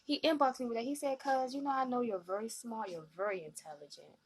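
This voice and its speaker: A woman hosting a live-stream talk show, animated and slangy, often acting out what other people said. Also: fairly high pitch, fast, husky. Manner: animated, slangy, acts out quoted voices.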